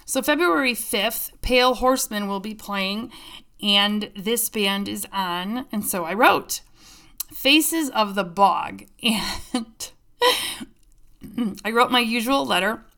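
A woman hosting a music podcast, chatting casually and gushing about the bands she plays, with quick asides. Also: medium pitch, sharp tone. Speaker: podcast host.

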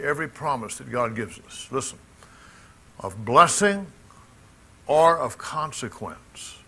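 A man's voice: mid-range voice, bright, forceful tone. A middle-aged man from Mississippi with a Southern accent, preaching a sermon to a congregation in an emphatic, folksy way with asides to the crowd. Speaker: pastor. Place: church congregation.

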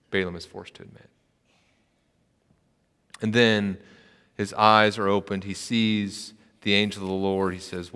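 A male pastor delivers a sermon in a bright, forceful voice, retelling an old story and putting on the speakers' lines as he goes. His voice rings with a long reverb from a large hall. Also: low voice, steady tone, measured pace, pauses often. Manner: retells the story with acted quotes.

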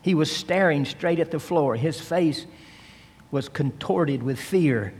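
Male preacher, sermon, slow deliberate delivery, husky tone. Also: fairly high pitch, darkish tone. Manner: dramatic storytelling, slow and emphatic. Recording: long hall reverb.

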